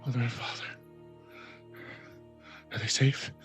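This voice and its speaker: A man voicing an injured young woman who is dazed and weak, speaking in faint, halting phrases. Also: a bit bright, soft background music, natural voice. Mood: weak, hopeful.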